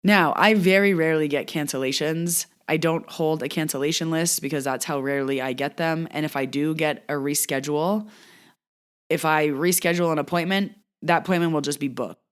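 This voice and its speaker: A woman who lives in a Canadian mountain town and works as a Reiki practitioner hosts her own podcast, casually telling a story about a client. She's chatty and full of fillers, acting out what people said, in a low, clear, resonant voice that moves a little fast.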